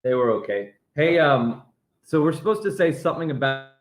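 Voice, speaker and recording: Teasing pastor in an echoey room. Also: male voice, a little high, very animated, a little fast. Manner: playful, teasing, warm praise. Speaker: pastor and guest. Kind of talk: casual live chat.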